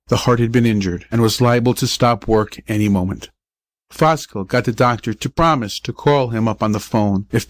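A man reading a first-person story aloud as an audiobook narrator, in a measured manner. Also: medium pitch, no room sound. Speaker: audiobook reader.

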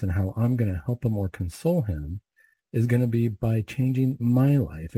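A man's voice: lowish voice, dark tone, husky, no echo. A man leading recited prayers and then giving a conversational, reflective homily.

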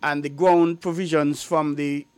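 Radio host guy, higher voice, dry close mic, asks leading questions. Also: little pitch movement, a little mellow, smooth, no echo. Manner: leading questions, quick interjections. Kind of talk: radio talk show interviewing.

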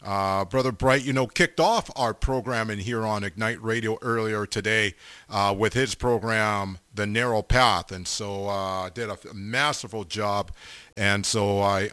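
A middle-aged man hosting a radio show, giving casual shout-outs to listeners with lots of fillers and repeated amens, speaking close to the mic. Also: on the low side, smooth, no echo.

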